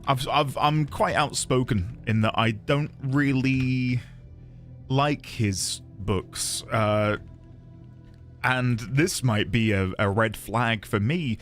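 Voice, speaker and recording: A man's voice: medium pitch, slow, a bit bright, soft background music. A man streaming a game, chatting casually and greeting viewers by name.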